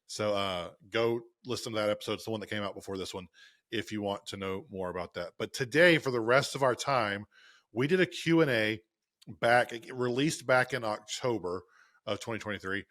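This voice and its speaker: Thirties male podcast co-host, low pitch, dry close sound, relaxed explanatory delivery. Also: a little fast, no echo. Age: 30s. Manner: easygoing, joking, explanatory. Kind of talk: casual podcast chat.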